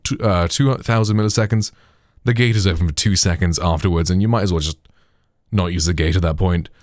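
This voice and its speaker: Peppering his explanations with "like", "you know" and "right", this British tech tutorial host keeps things chatty. He has a low voice, captured on a processed studio mic with no room sound.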